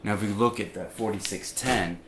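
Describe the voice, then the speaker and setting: Man, deep voice, casual sermon, halting and conversational, faint ambient noise. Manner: conversational, many fillers and restarts, grows animated at the climax. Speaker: preacher. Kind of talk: informal sermon.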